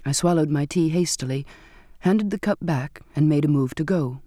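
Mellow, fairly high male audiobook narrator. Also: normal speed, no room sound, clean studio sound. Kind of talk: first-person audiobook narration.

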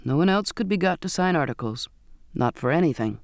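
A brusque first mate who barks his orders, voiced by a man reading a storybook. He is clipped and scornful, speaks a little high, and the sound is dry and close. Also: lively intonation, a little fast, no echo. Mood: dutiful.

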